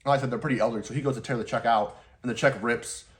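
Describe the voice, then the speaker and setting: A man's voice: mid-range voice, steady tone, racing. A young man who runs a lawn care business, casually telling a story, rambling, laughing often and swearing now and then.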